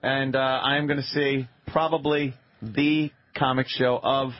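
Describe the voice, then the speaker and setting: A radio host riffing in casual banter with quick, wisecracking interjections. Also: male voice, mid-range voice, little pitch movement, no room sound. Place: radio studio. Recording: dull lo-fi radio broadcast with noise.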